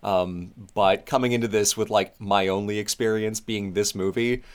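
A man's voice: fairly low pitch, steady tone, moderate pace, smooth. A man co-hosting a podcast, enthusiastically and casually talking through a film, with offhand swearing and frequent laughs. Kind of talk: casual chat about a film.

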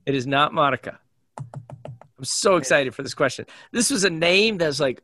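A man's voice: on the high side, animated, normal speed, sharp tone. Playful man quizzing co-hosts. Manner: playful, eager quizmaster. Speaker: podcast co-host running a quiz. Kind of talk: casual chat, quiz questions.

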